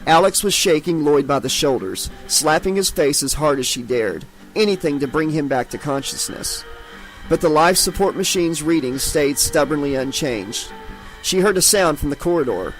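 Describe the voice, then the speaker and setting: A man's voice: a little high, lively intonation, moderate pace, faint music behind, low-quality recording. Man narrating a horror audiobook dramatically. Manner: dramatic, voices each character.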